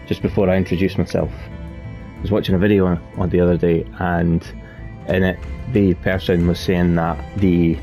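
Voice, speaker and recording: Hosting his gaming channel, a man with a deep, warm voice gives let's-play commentary while he plays. His talk is loose, chatty, and rambling, looping back and correcting himself mid-sentence, with soft music playing quietly underneath.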